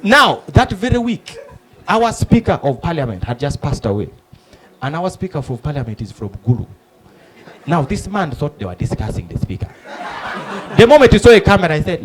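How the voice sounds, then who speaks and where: A man with a Ugandan English accent doing animated stand-up, acting out the people in his stories. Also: on the high side, fairly quick, crowd noise, noisy background. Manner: animated storytelling, acting out characters. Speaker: stand-up comedian. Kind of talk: stand-up comedy. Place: comedy club stage before a live audience. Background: audience laughter.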